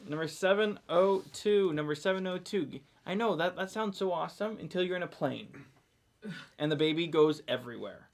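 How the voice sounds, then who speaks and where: A man's voice: fairly high pitch, animated, moderate pace. A man hosting a live sale, calling out lot numbers as he chats casually about family life. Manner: calls lot numbers between chatty family stories. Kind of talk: casual chat between lot calls.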